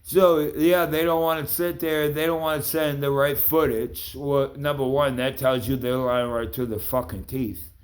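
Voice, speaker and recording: A man's voice: medium pitch, level tone, moderate pace. A man in an angry, profane rant, accusing and swearing at the people he addresses. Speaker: vlogger.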